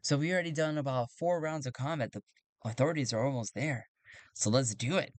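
A man's voice: medium pitch, fairly quick, dry recording. Man narrating a tabletop game, dry. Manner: casual, self-correcting, thinks aloud. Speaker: game master.

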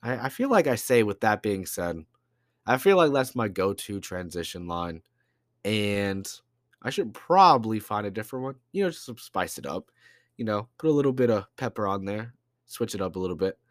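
Young man, podcast host, congested stuffy voice, lowish pitch, chatty and rambling, dry close recording. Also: very animated, a little fast, dry recording. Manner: loose and chatty, fillers and slang. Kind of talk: casual solo podcast.

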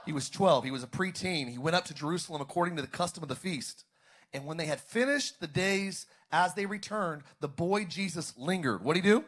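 A man preaching a sermon as pastor, calling out to the congregation and rising to shouts. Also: on the high side, expressive, brisk, slightly rough. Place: church service, streamed online.

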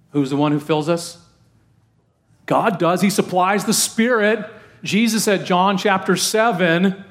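A man's voice: high voice, unhurried. A middle-aged man, a pastor giving a sermon in a conversational way and putting questions to the congregation.

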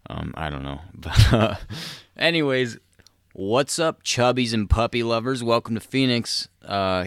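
A man's voice: low-pitched, clean tone, no room sound, clean studio sound. A man hosting a podcast with a crude, rambling comedic monologue, swearing a lot and laughing in the middle of sentences. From South Dakota. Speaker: podcast host.

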